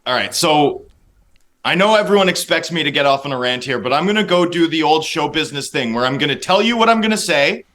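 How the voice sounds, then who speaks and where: A man who writes on hockey, guesting on a sports talk show and arguing fast and heatedly against a trade. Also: on the high side. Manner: animated, rapid-fire ranting argument. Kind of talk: opinionated sports analysis.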